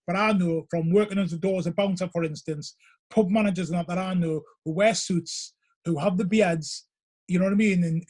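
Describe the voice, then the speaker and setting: A man's voice: high voice, darkish tone. A middle-aged man, chatting casually and telling rambling stories as a guest DJ. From Northeast England. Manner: rambling, storytelling with many fillers. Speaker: guest, vinyl DJ. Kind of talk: casual chat.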